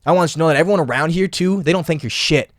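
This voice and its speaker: A man voicing a brash, fickle young male roommate who flatters and then taunts in slang. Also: on the high side, rapid-fire, no room sound, clean studio sound, voice pushed up, lightly acted. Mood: mocking.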